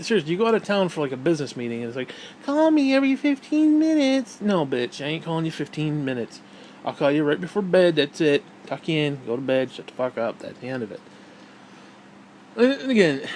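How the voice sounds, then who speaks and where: A man's voice: mid-range voice, slight background noise. A man, hosting his own show in a crude, bitter, rambling rant full of restarts. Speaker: vlog host. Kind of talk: profane rant.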